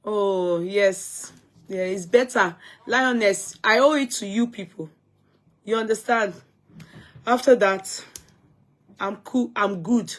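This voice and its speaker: A woman's voice: mid-range voice, slow pace, long pauses. A woman from Gambia, chatting casually to viewers on a live stream and greeting them by name.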